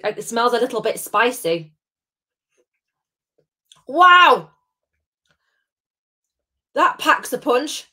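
A woman's voice: a little high, a bit bright. Bubbly woman hosting a live tasting. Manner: chatty and bubbly, greets viewers by name. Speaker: host of a live gin tasting. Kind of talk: live-streamed tasting chat.

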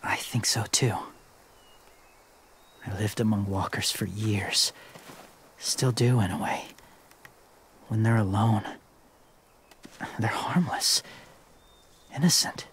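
An actor playing a calm, quiet man who lived among walkers, speaking softly and almost in a whisper. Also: fairly low pitch, slow, long pauses, slight background noise.

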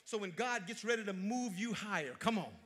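A man preaching a sermon as pastor, repeating phrases for emphasis and swinging from shouts down to near-whispers in a church sanctuary. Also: high voice, a little fast. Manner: repeats phrases for emphasis, half-sings lines.

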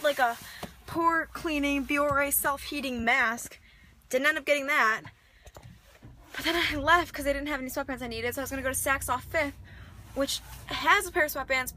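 A woman's voice: high voice, sharp tone, a little hiss or hum. A young woman chatting through a casual vlog, rambling and dramatic. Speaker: vlogger.

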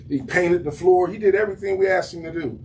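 A man's voice: high voice, fast, darkish tone, slight background noise. Preaching man heard from a distance. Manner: conversational preaching, repeats words as he builds. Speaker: pastor. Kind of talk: sermon. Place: small church room.

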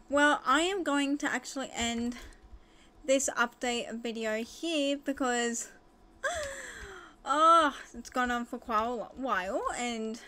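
A woman casually narrating her own life-sim game, gushing and excitable with frequent gasps and squeals. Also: a little high. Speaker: gaming video host. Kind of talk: casual let's-play commentary.

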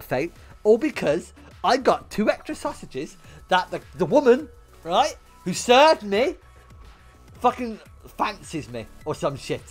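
A man's voice: high-pitched, a bit bright. A man streaming, telling a profane story to chat and laughing often.

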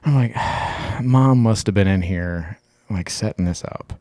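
A man's voice: lowish voice, unhurried, a little mellow, dry recording. A man co-hosting a podcast, telling a long personal story in casual chat, rambling and swearing freely. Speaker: podcast co-host.

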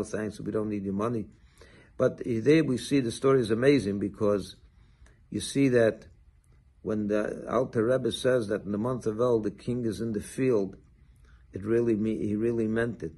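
Man, rabbi, sermon, storytelling, husky voice, animated dialogue. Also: lowish voice.

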